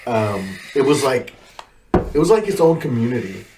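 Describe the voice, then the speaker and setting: A man recalling Marine boot camp in casual chat, laughing as he mimics instructors yelling. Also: mid-range voice, big pitch swings, normal speed, noisy background. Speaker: podcast guest, former Marine recruit.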